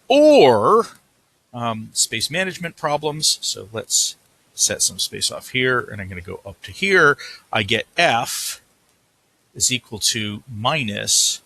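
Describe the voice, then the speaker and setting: Husky, bright-toned physics lecturer, man. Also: medium pitch, big pitch swings, slow. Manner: thinking aloud, self-correcting while writing. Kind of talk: recorded lecture working problems at a board.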